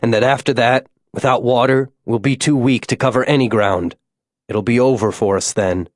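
A man voicing a grim, steady middle-aged father who talks bluntly and seriously in an audiobook. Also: medium pitch, moderate pace, dry recording, studio quality, close to an everyday voice. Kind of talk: audiobook character voice.

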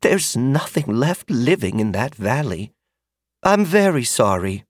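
Male narrator voicing a kindly middle-aged woman, soft and motherly, raised and lively voice for an audiobook character. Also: on the high side, unhurried, no echo, studio quality, pitched above the performer's own voice. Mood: gentle.

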